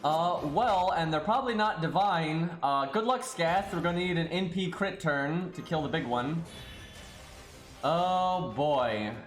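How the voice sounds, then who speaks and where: A man's voice: a little high, expressive, measured pace, reverberant. A man streaming a game live, thinking aloud in loose casual chat and swearing now and then. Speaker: streamer playing a mobile game. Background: faint game music.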